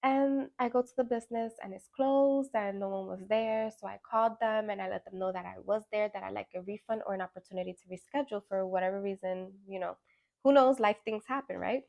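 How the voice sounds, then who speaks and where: A woman's voice: mid-range voice, brisk, gravelly. A woman guiding a full moon ritual, talking in a casual, reflective way with lots of fillers and tag questions. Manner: animated storytelling with acted-out quotes. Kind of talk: casual reflective spiritual talk.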